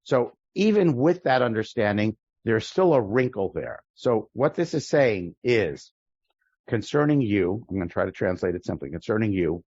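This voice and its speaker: Over a video call, a male rabbi leads a prayer-book class, explaining each line thoughtfully and frequently stopping to restart his sentences. His voice is somewhat low, darkish and slightly rough; there's no echo, and the high frequencies are cut off.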